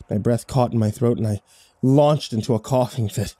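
A man's voice: mid-range voice, normal speed, mellow, dry recording. A man narrating a first-person horror story in a dramatic, scripted storytelling style.

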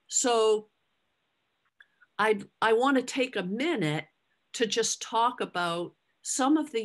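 A middle-aged woman giving a conversational Bible teaching, acting out the lines she quotes. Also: fairly low pitch.

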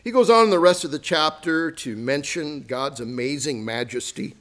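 A man's voice: fairly high pitch, normal speed. A man preaching a sermon as pastor, joking and acting out sarcastic asides. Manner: lively, jokey, acts out sarcastic asides with laughs. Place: church sanctuary.

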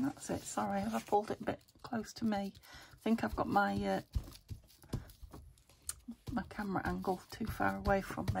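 A woman's voice: medium pitch, normal speed, creaky, darkish tone, slight background noise. A British woman hosting a crafting video, chatting casually and muttering to herself as she works at her table, sometimes dropping to a whisper. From United Kingdom. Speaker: craft channel host.

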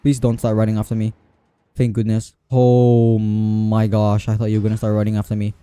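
A man's voice: on the low side, monotone, normal speed, warm tone, smooth, dry recording. A man giving let's play commentary on a horror game, talking to himself and repeating phrases when he gets nervous. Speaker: gamer playing a horror game.

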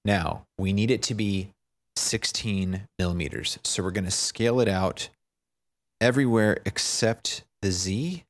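A man talking through a software tutorial, thinking aloud, fumbling and poking fun at himself. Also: fairly low pitch, unhurried. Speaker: tutorial maker. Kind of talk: unscripted screen-recorded tutorial.

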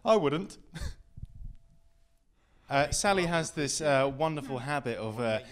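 A young man doing a stand-up comedy set as a story, camp and self-mocking, at times sinking into hushed deadpan narration. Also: fairly high pitch, slow pace, crowd noise.

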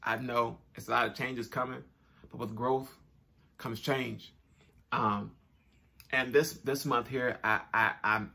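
Young male vlogger, gravelly and bright, casual chatty delivery to camera. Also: mid-range voice. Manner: chatty, upbeat, repeats phrases, informal slang. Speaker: YouTube channel host. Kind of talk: casual direct-to-camera vlog talk.

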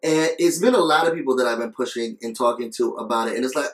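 This video reviewer talks fast at a medium pitch, speaking earnestly in a casual vlog review. He coughs between phrases and repeats himself for emphasis. The audio is rough, with an echoey room sound.

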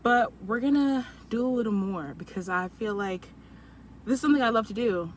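A chatty young woman vlogs from her parked car, her voice a touch high. She talks openly and warmly to her viewers. The window is down, so passing cars can be heard clearly behind her. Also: expressive, moderate pace. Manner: chatty and heartfelt, gets emotional and tearful. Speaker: vlogger. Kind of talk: casual vlog talk to camera. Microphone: camera in the car. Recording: car window open to street traffic. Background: passing traffic.

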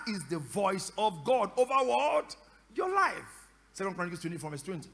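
A man preaching a sermon as pastor, questioning the congregation again and again in call and response and breaking into shouted prayer. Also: high-pitched, sing-song, moderate pace. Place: church service. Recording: echoey church hall.

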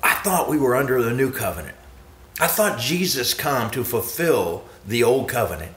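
Emphatic preacher man, lively pitch. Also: moderate pace, echoey room. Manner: emphatic, repetitive, rising to high exclamations. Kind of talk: sermon.

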